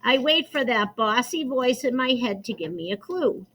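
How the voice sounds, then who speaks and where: A woman reading a children's novel aloud chapter by chapter, in a slow, expressive storytelling manner. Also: a little high, slight background noise, rough recording. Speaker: reader.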